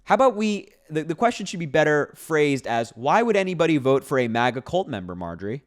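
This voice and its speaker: A man's voice: on the high side, sing-song, a little fast. A man giving casual political commentary to camera, sarcastic and incredulous as he reacts to posts, breaking into laughs between points.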